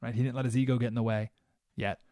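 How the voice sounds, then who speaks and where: A man's voice: medium pitch, level tone, fast talker, dark tone, no echo, studio quality. Emphatic male radio talk host. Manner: emphatic, rhetorical questions, keeps asking "right?". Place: radio studio.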